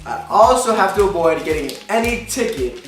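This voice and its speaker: A man's voice: high voice, animated, normal speed, fairly bright tone. A man ranting casually in a vlog, venting with frustration and lots of profanity, going over the same points again and again. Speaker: vlogger. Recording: echoey room, distant mic, faint music.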